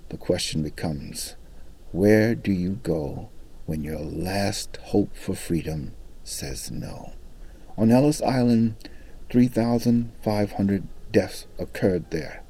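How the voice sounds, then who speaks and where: A man's voice: low-pitched, warm tone, husky. A middle-aged man working as a national park ranger, telling history as a dramatic story with varied emphasis. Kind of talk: storytelling guided talk.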